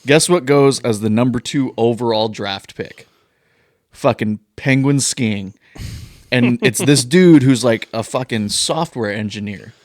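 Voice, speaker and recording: A young man tells a rowdy story on a podcast, laughing often between lines. His voice sits at an ordinary pitch. The sound is close and dry, with no room echo. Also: unhurried, darkish tone. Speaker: podcast co-host. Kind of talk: casual chat.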